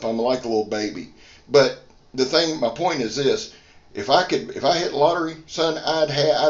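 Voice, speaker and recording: A man hosting a casual knife review vlog, folksy and self-deprecating, swearing casually. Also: mid-range voice. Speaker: knife reviewer and channel host. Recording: roomy, slightly muffled sound.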